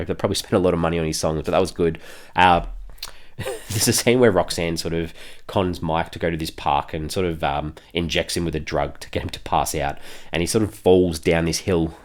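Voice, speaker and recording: A tired man hosting a film review podcast in a casual, rambling way, chuckling often between thoughts. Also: sits low. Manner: rambling, chuckles often, many fillers and restarts.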